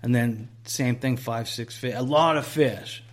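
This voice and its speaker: A man's voice: mid-range voice, measured pace. Just a guy chatting, mid-range voice, rambling fishing story, lots of "like" and some swearing. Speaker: angler telling a story. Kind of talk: casual chat.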